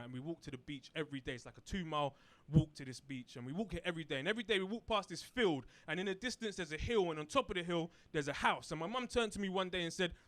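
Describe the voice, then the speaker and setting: A young man from England doing a stand-up routine on a comedy club stage, telling a story and tagging lines with "right?" as he acts out other voices. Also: a little high. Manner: storytelling with frequent "right?", acting out quoted voices loudly.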